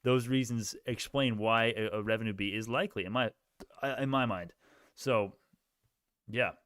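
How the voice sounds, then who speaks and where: Male stock streamer, clear smooth voice, dry close sound, loose and rambling. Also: mid-range voice, normal speed, fairly bright tone, dry recording. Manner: rambling, casual, thinking aloud. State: sleepy, yawning. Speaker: stock livestream host. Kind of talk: live stream chat answering viewers.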